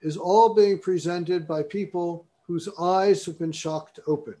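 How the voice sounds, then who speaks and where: A man's voice: high voice, steady tone, a little slow, mellow. Man lecturing, reading texts aloud. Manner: discursive, reads passages aloud with emphasis. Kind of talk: university lecture.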